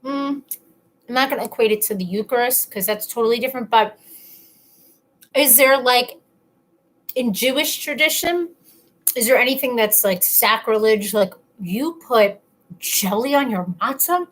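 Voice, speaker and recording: A young woman chats her way through a live stream, reading comments aloud and teasing her viewers. Her voice sits a little high, and she keeps eating while she talks. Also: normal speed, long pauses, fairly bright tone. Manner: chatty and playful, teasing.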